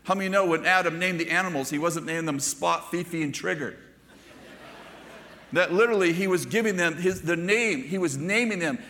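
Older preacher man, bright voice in a hall. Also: sits high, fairly quick, slight background noise. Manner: storytelling preacher, conversational asides to the congregation. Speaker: pastor. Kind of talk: sermon.

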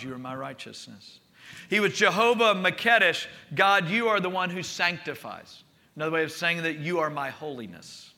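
Guy pastor preaching, high sharp voice, gets folks to declare stuff with him. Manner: leads congregation in call-and-response declarations. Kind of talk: sermon.

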